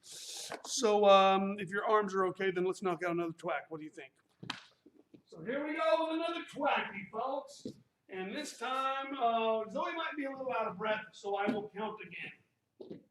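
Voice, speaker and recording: A man's voice: high-pitched, moderate pace, a bit bright, slight background noise. A male martial arts instructor leading a live workout class, counting reps aloud and cracking playful, corny puns in an echoey studio. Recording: echoey room.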